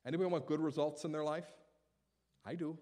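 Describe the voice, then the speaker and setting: A male pastor delivering a sermon in an animated, humorous, conversational way. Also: a little high, a little fast.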